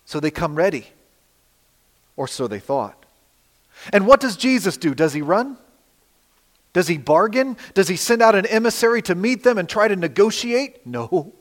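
A man preaching a sermon, dramatic, with rhetorical questions, swinging between loud emphasis and quiet asides. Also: high-pitched, sing-song, normal speed, long pauses. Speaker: pastor. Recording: long reverb of a hall.

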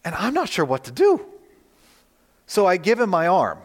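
Pastor preaching in a reverberant hall. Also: male voice, sits high, normal speed. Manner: storytelling, conversational, animated in quoted dialogue. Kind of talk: sermon with slides.

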